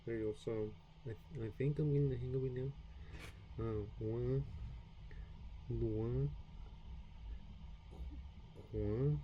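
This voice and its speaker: A man's voice: medium pitch, fairly even intonation, slow, long pauses, muffled recording, a little hiss or hum. A man from the United States casually talking through his beginner French practice, rambling and self-deprecating with many fillers and restarts. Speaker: language learner streaming his practice. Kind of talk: casual self-study stream, practicing French sounds aloud.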